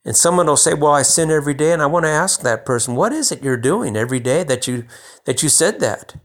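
A man's voice: medium pitch, lively intonation, fairly quick. A man preaching a sermon in a conversational way, restarting phrases and building to emphatic bursts.

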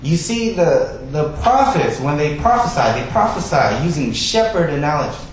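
A man preaching a sermon, stressing key words loudly and then dropping to a soft, quiet delivery. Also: on the high side, sing-song, moderate pace. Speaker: pastor. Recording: echoey room, voice from a distance.

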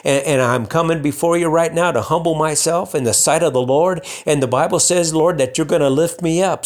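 Guy preaching, kinda high voice, talks like a chat then gets loud and emphatic, lots of restarts. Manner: conversational preaching with frequent restarts and rising emphatic bursts. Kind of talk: sermon.

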